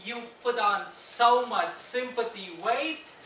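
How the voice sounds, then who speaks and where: Man doing a high, drawling southern nurse lady, teasing, echoey hall from afar. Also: slow pace, crowd noise. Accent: put-on US Southern. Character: brash female southern nurse. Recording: echoey room, far mic.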